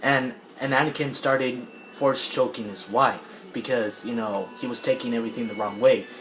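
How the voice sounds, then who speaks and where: A gamer retells a film plot while playing, his medium-pitched voice steady and moderately paced. He rambles casually, full of fillers and restarts, and clears his throat, with game music and noise in the background.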